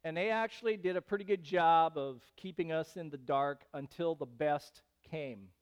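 High-voiced, animated male preacher. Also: moderate pace, clean tone. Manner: animated preaching, rising to loud emphatic bursts. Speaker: pastor. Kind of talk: sermon.

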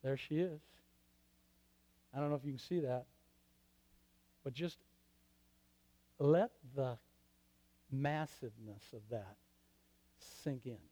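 A man preaching a sermon as pastor, swinging from loud declarations to hushed, quiet passages. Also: medium pitch, slow, pauses often. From Michigan.

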